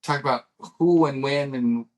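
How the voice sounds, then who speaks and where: This middle-aged man co-hosts a podcast in a relaxed, conversational way. His voice sits at an ordinary middle pitch. He tells stories in a rambling way, backs up, restarts, and acts out what others said. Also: moderate pace. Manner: rambling storyteller who restarts and acts out dialogue. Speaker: podcast co-host. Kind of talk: casual chat.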